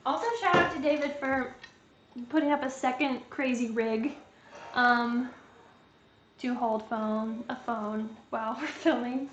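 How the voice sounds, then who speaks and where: A woman's voice: on the high side, unhurried, lo-fi sound. A young woman hosting a live cooking demonstration, chatting and joking to herself as she works in a kitchen. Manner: chatty, jokey, talks to herself while cooking. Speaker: cooking show host. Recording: echoey kitchen with background noise.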